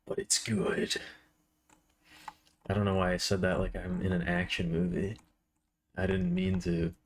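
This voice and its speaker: A man with a fairly low voice chats on a live art stream. His talk is loose and rambling, with playful asides to his viewers as he works. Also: level tone, moderate pace. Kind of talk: casual live-stream chat.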